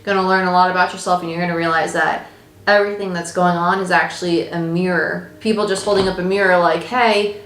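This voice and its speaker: A woman's voice: lowish voice, little pitch movement, fast, fairly bright tone. A woman giving a casual, chatty tarot reading, reassuring her listeners and swearing now and then. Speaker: tarot reader. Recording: echoey room with faint noise.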